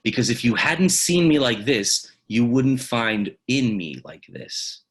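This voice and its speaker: A man voicing an aged, scarred sage who speaks softly and reassuringly. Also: mid-range voice, very animated, slow pace. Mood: consoling.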